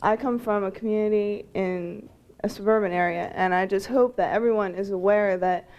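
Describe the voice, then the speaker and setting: A woman making a measured, slightly hesitant comment at a public forum. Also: medium pitch, steady tone, darkish tone, highs cut off. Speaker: audience member.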